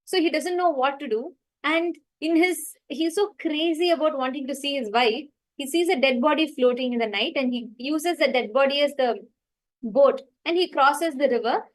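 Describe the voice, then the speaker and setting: Casting: high-pitched woman, earnest spiritual storyteller, loose and unscripted. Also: normal speed, poor audio. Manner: earnest, many fillers like "like" and "you know".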